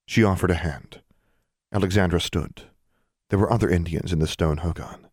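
Man, very low voice, audiobook narration, steady measured reading, dry close sound. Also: slightly rough, dry recording. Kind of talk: scripted narration.

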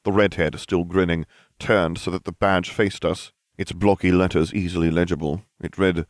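A man narrating a story in an expressive reading. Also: deep voice, normal speed, no echo.

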